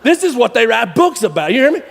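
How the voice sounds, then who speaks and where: High-voiced folksy preacher. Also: male voice, quick pace, gravelly. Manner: folksy, animated, laughing, bursts of shouting. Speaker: conference speaker. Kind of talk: lively storytelling sermon. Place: large church hall. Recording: long hall reverb.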